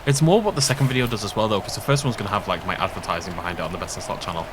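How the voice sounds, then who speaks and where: A man's voice: on the low side, very fast, noisy background. A young man giving casual, rambling, self-deprecating let's play commentary. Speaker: gaming YouTuber.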